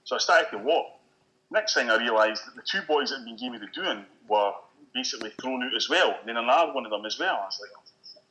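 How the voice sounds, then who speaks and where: A Scottish man, a guest, telling an animated story in casual chat and swearing freely. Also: medium pitch, fast talker, poor audio.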